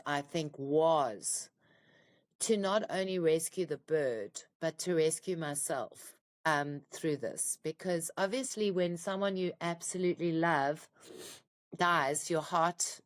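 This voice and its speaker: A middle-aged woman, an author and podcast guest, telling a raw, heartfelt personal story, close to tears at times. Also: fairly low pitch.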